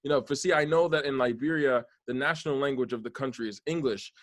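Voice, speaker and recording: A man's voice: medium pitch, fast talker, dry recording. Earnest man hosting a podcast, dry sound. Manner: earnest, rambling, many restarts. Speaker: podcast host. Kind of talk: casual podcast conversation.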